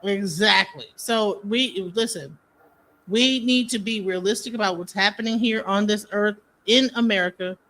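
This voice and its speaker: A man's voice: sits high, moderate pace, pushed and bright. A man co-hosting a casual podcast, rambling and heated, swearing freely. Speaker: podcast co-host. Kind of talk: casual chat.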